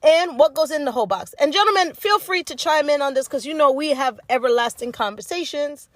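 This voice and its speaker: Woman podcast host, high-ish voice, blunt and profane, emphatic swings, dry close sound. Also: lively intonation, brisk, dry recording. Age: older. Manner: blunt, profane and emphatic, sharp pitch jumps. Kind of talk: casual solo podcast monologue.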